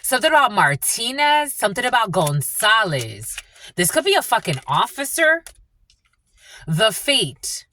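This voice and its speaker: A woman's voice: a little high, sing-song, measured pace, pushed and bright. A woman giving a rambling, blunt and profane channeled reading in a casual monologue. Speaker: spiritual channeler and tarot reader.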